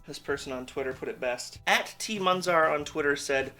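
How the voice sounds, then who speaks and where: Man, casual movie review vlog, candid, rambling, swears, bright voice, slightly high, faint music behind. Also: moderate pace, hardly any pauses. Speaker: film reviewer.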